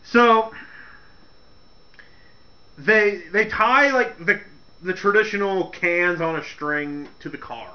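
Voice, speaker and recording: A man hosting a casual comedic rant, laughing as he retells events in an animated way. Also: high voice, slow pace, pauses often, lo-fi sound. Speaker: wrestling commentary host.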